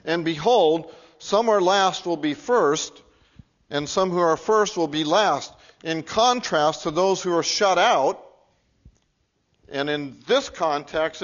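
A man preaching a Sunday sermon, his fairly high voice coming through a muffled, lo-fi recording. He talks earnestly and swings between emphatic, raised points and low, hushed appeals to the congregation. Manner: earnest, building to emphatic peaks then dropping low and quiet. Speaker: pastor. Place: church sanctuary.

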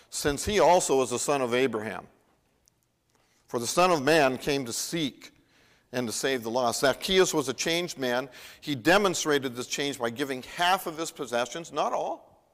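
A man's voice: fairly high pitch, a bit bright. A man preaching a sermon in a conversational way, acting out the Bible dialogue as he retells it. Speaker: pastor. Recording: long reverb of a large hall.

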